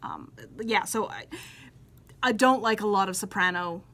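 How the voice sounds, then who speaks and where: A woman co-hosting a casual knitting podcast, talking in a relaxed, hesitant way with many fillers. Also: mid-range voice, a little slow. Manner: chatty, hesitant with lots of ums. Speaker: podcast co-host. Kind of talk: casual chat.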